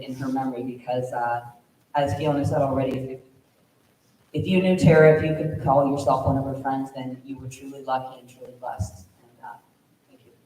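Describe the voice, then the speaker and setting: A man giving earnest, measured remarks at a memorial. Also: medium pitch, dark tone. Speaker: speaker at a memorial. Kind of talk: memorial speech. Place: large echoey school room at a podium. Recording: echoey room, distant mic, faint noise.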